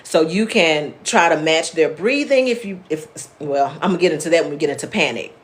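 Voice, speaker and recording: An animated woman with a voice that sits low talks a little fast while leading a live wellness session. As a therapist, she explains in an easygoing, plainspoken way and answers commenters by name.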